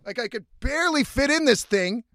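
A man's voice: extremely high pitch, lively intonation, brisk, fairly bright tone, no room sound. A man telling a rambling, profane story in a casual way, speaking as the host of his own show. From Canada.

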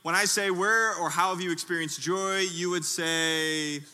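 A man preaching a sermon in a tent, telling a humorous story in a lively way and calling out to his listeners. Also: high voice, a little slow, slight background noise. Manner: lively, humorous storytelling with audience call-outs. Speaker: pastor.

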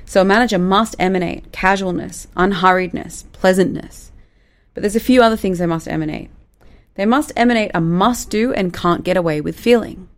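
A business coach gives managers casual, direct advice, playfully acting out the quoted dialogue. She speaks at a normal speed in a mid-range voice.

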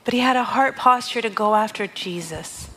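A woman's voice: medium pitch, normal speed, a bit bright, poor audio. A woman giving a heartfelt, conversational devotional talk and reading scripture aloud. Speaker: worship leader sharing a devotional. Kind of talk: devotional teaching.

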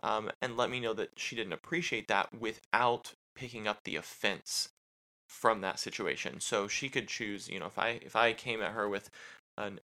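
A man's voice: lowish voice, normal speed, sharp tone, low-quality recording. A man co-hosting a casual marriage podcast, explaining things loosely with lots of "you know" fillers. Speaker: podcast co-host.

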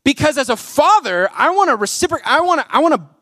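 Young guy pastor, kinda high voice, super casual and jokey, dry close sound. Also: big pitch swings, fast talker, sharp tone, dry recording. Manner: chatty, jokey, full of "like" fillers. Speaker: pastor and worship leader. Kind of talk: casual conversational sermon. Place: church auditorium with a congregation.

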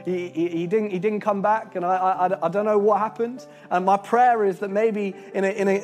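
Young male preacher, high voice, earnest storytelling sermon over faint music. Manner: earnest and animated, with restarts and laughs.

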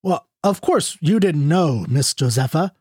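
Young cowboy, smooth-talking and sly, read by a man; earnest and gently mournful, slightly raised voice. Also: a little high, animated, measured pace, no echo, studio quality. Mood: earnest, sorrowful.

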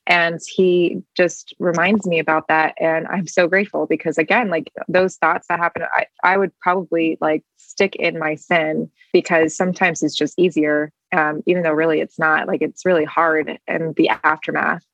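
This is a young woman with a low voice, recorded dry on a video call. She talks about her faith with earnest warmth, rambling and circling back with many fillers. Her emotion sits close to the surface. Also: flat delivery, moderate pace, vocal fry, hardly any pauses, no room sound, poor audio. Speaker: guest. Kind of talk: casual faith conversation over video call.

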